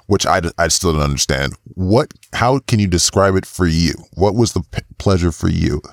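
A man hosting a casual interview who asks playful, probing follow-up questions in quick succession. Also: low-pitched, creaky, dry recording, clean studio sound. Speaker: podcast host.

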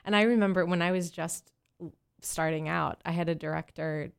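A woman in her thirties, an actor, guesting on a podcast in an animated way that breaks easily into laughter. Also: lowish voice, moderate pace, gravelly, clear, resonant tone. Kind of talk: casual interview chat.

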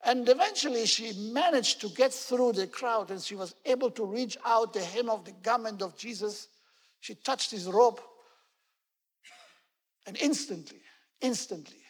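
Preaching as a pastor, this man has a high voice that carries through a large hall. His storytelling is earnest, sprinkled with "you know," and he repeats important words to stress them.

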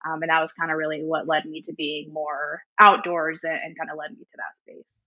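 A woman's voice: low voice, little pitch movement, brisk, dry recording. Woman, podcast guest, chatty, fillers, dry, dull lo-fi audio. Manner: friendly, chatty, many fillers. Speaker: strength and conditioning coach, guest. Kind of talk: casual interview talk.

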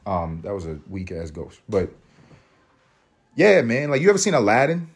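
A podcast host from a Puerto Rican family, raised in US projects, delivers a solo comedic monologue in a husky voice at normal speed. He riffs profanely and ramblingly, laughs at his own jokes, and leaps to a high, excited pitch for emphasis.

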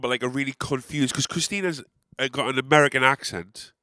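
A young man with an English accent telling a long casual anecdote, rambling and animated, with frequent swearing and sarcastic asides. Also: medium pitch, fairly quick, dry recording, studio quality. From England.

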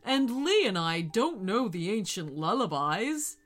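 A woman voicing a gentle, clever young owl in a storybook reading, earnest and soft. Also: medium pitch, big pitch swings, measured pace.

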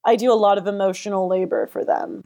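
A woman doing a gawky sixteen-year-old girl who hosts her own comedy talk show, speaking at an everyday middle pitch. She rambles through her jokes, giggles often and gets flustered when interrupted, and she is recorded without a proper microphone. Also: steady tone, fast, dark tone, close to an everyday voice. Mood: giggly. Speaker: host. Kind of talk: improvised comedy podcast.

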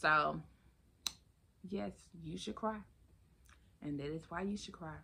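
A woman hosting her own podcast in a casual solo chat, animated and expressive, calling listeners honey and baby. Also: deep voice, slow pace, vocal fry, husky. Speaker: podcast host.

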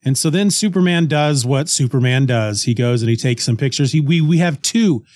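A man co-hosting a podcast, casually retelling a comic story with lively restarts and snippets of character voices. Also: mid-range voice, moderate pace, no echo. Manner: animated retelling, acts out characters' lines, frequent restarts. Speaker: podcast co-host.

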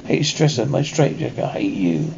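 Casting note: an agitated war pilot locked in a psych ward, rambling and fixated, mellow gravelly tone. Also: male voice, fairly high pitch, fairly quick, a little hiss or hum. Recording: dull lo-fi TV soundtrack.

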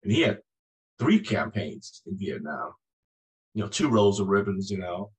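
A man in his sixties, a former Marine guest, telling stories in a lively, conversational way and acting out the voices in his anecdotes. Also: low-pitched, moderate pace, rough recording. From United States. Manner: animated storyteller, acts out voices in anecdotes. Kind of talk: conversational storytelling.

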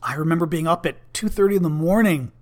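A man's voice: a little high, fast, a little mellow. A man in his fifties candidly telling a personal story in a casual monologue, conversational and blunt. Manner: candid, conversational, with fillers and restarts, blunt language. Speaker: vlogger, former Senate staffer.

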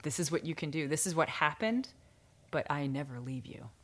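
A woman's voice: low-pitched, lively intonation, normal speed, fairly bright tone. A woman hosting a spiritual podcast in casual chat, earnest and emotional, laughing often. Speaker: podcast host.

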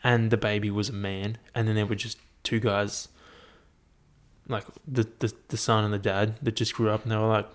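A man's voice: fairly low pitch, normal speed. A young man, musing aloud in a casual, profane monologue full of fillers. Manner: profane, animated, thinks aloud with many fillers.

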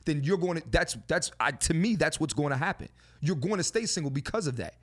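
A man hosting a podcast in a studio, talking in a loose, animated way with lots of swearing and filler phrases. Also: fairly high pitch, quick pace. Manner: animated, swearing, repeats "you know what I'm saying". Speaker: podcast host. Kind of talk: casual podcast chat.

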